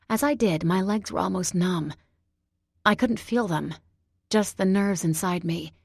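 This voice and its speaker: A woman with a husky voice narrating a first-person audiobook in a steady, measured way. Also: lowish voice, no echo, studio quality.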